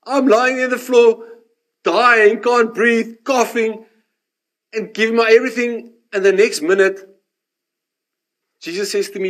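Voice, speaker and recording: A man, preaching a sermon and telling his own story, animated in the dramatic parts and hushed in the reflective ones. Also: very high voice, measured pace, pauses often. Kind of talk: sermon with personal testimony.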